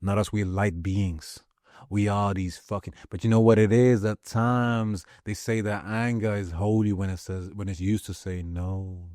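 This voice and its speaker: A man's voice: fairly low pitch, level tone, a little slow, a little mellow, dry recording, clean studio sound. A man giving an impassioned spiritual pep talk, repeating his lines and swearing freely for emphasis. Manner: profane, repetitive, emphatic. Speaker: motivational speaker.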